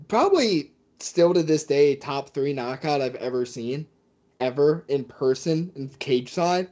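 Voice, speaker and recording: A man who works as a fight commentator, telling stories as a guest in a casual interview with a mid-pitched voice. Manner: animated storyteller.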